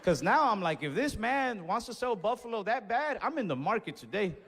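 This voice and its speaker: A young man working a stand-up set from a stage mic, spinning stories with animated bursts and a slightly raised voice. The sound carries a long hall reverb with faint room ambience behind it. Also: high voice, normal speed, creaky, noisy background. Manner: animated storytelling with escalating outbursts. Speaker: stand-up comedian. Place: comedy stage before a live audience.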